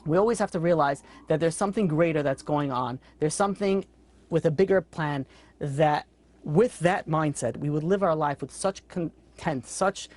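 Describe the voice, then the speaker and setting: A man, a rabbi, telling a moral story in a sermon, earnest and animated with casual fillers. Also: a little high, normal speed. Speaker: rabbi teaching a class.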